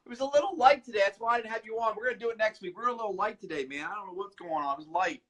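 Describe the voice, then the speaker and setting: A man's voice: sits high, racing, a bit bright. A man joining a live stream from a studio over a call, talking in a laid-back, casual way.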